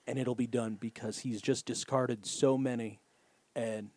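A man's voice: mid-range voice, steady tone, measured pace, darkish tone, no echo. A man casually recapping a show's plot step by step with a co-host.

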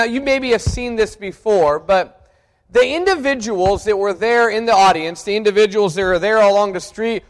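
Man, pastor, sermon, very high voice, earnest, reflective, restarts phrases, long echoing church reverb. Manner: earnest, reflective, with frequent restarts and repeated words.

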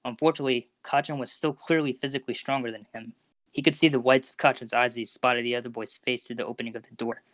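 A narrator reading fan fiction aloud in a steady, even manner over a Discord call. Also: medium pitch, fast, dry recording. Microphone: Discord voice call recording. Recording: dull lo-fi Discord audio.

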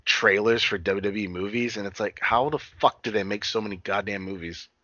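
A man's voice: on the low side, a little fast, pushed and bright, no room sound. A man co-hosting a casual wrestling podcast, talking in a profane, rambling way. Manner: profane, rambling, retells scenes. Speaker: podcast co-host. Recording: dull dry lo-fi sound.

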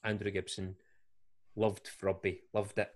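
A man's voice: fairly low pitch, little pitch movement, a little slow. A man with a Scottish accent hosting a podcast, telling long rambling anecdotes in casual chat and laughing often. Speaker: podcast host.

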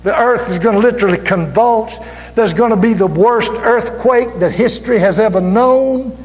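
A man preaching a sermon fervently, drawing out key words and rising to shouts. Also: high-pitched, moderate pace. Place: church sanctuary. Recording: reverberant church hall with music.

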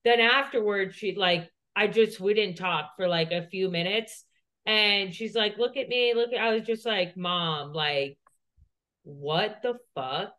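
A woman's voice: medium pitch, measured pace, sharp tone. A woman co-hosting a podcast, telling a personal story in a rambling, profane way, full of "like". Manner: profane, rambling, heavy use of "like". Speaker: podcast co-host.

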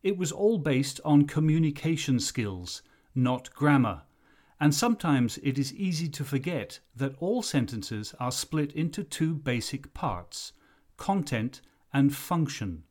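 A man teaching an English lesson, explaining things slowly and carefully. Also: a little high, lively intonation, a little mellow. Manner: slow, careful explanatory delivery. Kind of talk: recorded lesson narration.

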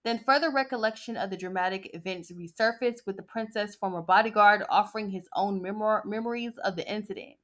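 A woman's voice: mid-range voice, a little fast, hardly any pauses. A woman hosting a podcast in a casual, sassy style, chatting and mocking as she reads an article aloud. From United States. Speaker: podcast host.

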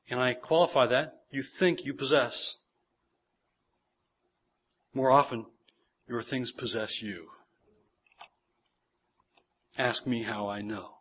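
A man's voice: mid-range voice, slow, long pauses, bright, forceful tone. A man in his forties preaching a sermon, earnest, repeating phrases for emphasis and checking in with listeners. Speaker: pastor.

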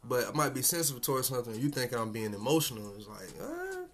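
A man's voice: mid-range voice, very fast, a crowd in the background. A man hosting a casual solo podcast, talking in a laid-back, slangy and profane way and chuckling often. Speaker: podcast host.

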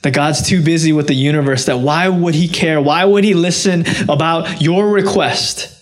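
A man preaching a sermon, earnest and direct, rising to impassioned peaks and dropping low and soft when quoting. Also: moderate pace. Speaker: pastor.

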